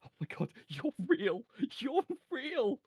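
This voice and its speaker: A man putting on a high, flowery elf bard. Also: moderate pace, slightly rough, no echo, heavily acted. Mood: excited. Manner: theatrical, flowery and excitable. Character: vain flamboyant male elf bard.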